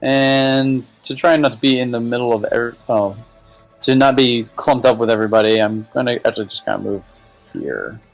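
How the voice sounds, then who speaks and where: A man's voice: medium pitch, fairly quick, gravelly, faint music behind. A man playing in a tabletop game, thinking aloud hesitantly as he picks his moves. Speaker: player.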